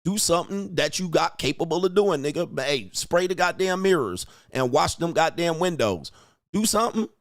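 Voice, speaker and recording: A man's voice: a little high, expressive, moderate pace, dry recording, clean studio sound. A man hosting a livestream as a coach, ranting in a profane, mocking way and laughing at his own jokes. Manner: profane, mocking, emphatic rant. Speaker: host, relationship coach. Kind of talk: livestream commentary rant.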